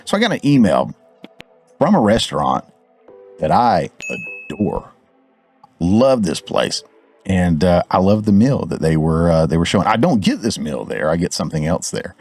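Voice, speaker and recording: Lively man ranting. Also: low voice, moderate pace, faint music behind. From Georgia, US. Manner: animated, fired-up, talks to viewers directly. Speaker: show host. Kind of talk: ranting commentary.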